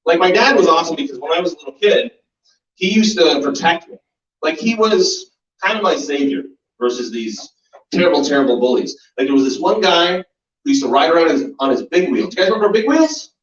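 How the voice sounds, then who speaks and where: A man in his forties works a small crowd with a stand-up set, swearing freely and breaking into laugh impressions. His voice is fairly high and swings widely in pitch. He is heard from a distance in an echoey room, on a dull, muffled recording. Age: 40s. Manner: animated, profane, with laugh and voice impressions. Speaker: stand-up comedian. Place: small comedy club basement.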